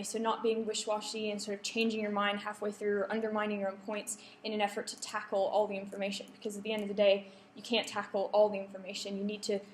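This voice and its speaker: In a lecture room with echo and a touch of hiss or hum, a young woman with a mid-range voice leads a writing workshop. Teaching students academic writing, she often says um and corrects herself.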